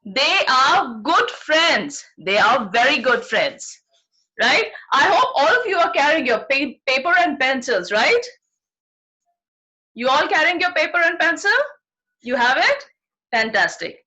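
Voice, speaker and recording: A woman's voice: high-pitched, very animated, unhurried, bright, forceful tone. A woman teacher with an Indian accent, giving an online phonics class to young children over a video call and checking understanding with "right?". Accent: Indian English. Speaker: primary school teacher.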